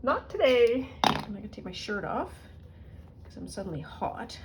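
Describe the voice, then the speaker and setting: In a very noisy recording, a middle-aged woman speaks at medium pitch and normal speed. She's crafting a junk journal in a casual vlog, muttering to herself and telling rambling stories as she works.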